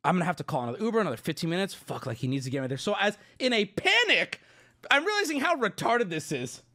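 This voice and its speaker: A man's voice: sits high, big pitch swings, fast, bright, forceful tone. A man livestreaming, telling a story to his chat in an exaggerated way, swearing and laughing as he goes. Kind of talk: animated storytelling to a live chat.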